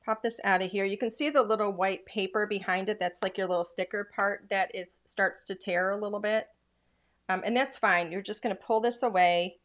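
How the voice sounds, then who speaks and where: A woman's voice: medium pitch, fairly even intonation, a little fast. A woman demonstrating craft products in a casual, chatty way, full of enthusiasm and filler words.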